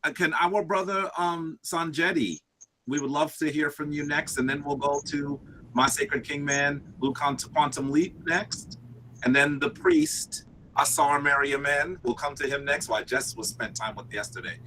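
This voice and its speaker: A man's voice: a little high, moderate pace, slight background noise, rough recording. A man moderating a memorial gathering, affirming speakers and calling on the next ones. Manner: warm, affirming, calls on speakers. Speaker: ceremony moderator.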